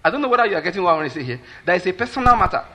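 Nigerian pastor, male, forceful husky voice, preaches emphatically with constant check-ins. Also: sits high, sing-song, rapid-fire. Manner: emphatic, keeps asking the listeners if they follow. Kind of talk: sermon.

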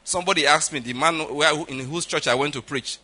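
Forceful high-voiced preacher. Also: male voice, brisk. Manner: emphatic, repeats "all right?" and "do you understand?" to the audience. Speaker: pastor. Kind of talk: sermon.

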